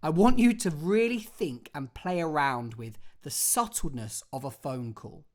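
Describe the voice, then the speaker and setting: A drama teacher leads an online acting lesson. The delivery is theatrical and expressive, and the instructions are laid out clearly, step by step. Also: mid-range voice, measured pace.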